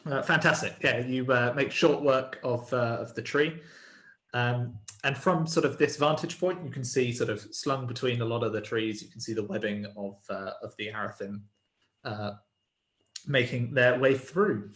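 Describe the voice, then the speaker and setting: A man running a tabletop game as game master, describing the scene in a measured way. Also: mid-range voice, fairly bright tone. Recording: roomy echo.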